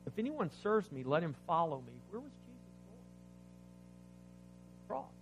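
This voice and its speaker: A man preaching a sermon, reading scripture aloud and explaining it, asking the congregation questions, swinging between loud emphasis and quiet asides. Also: high voice, sing-song, moderate pace, soft background music. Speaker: pastor.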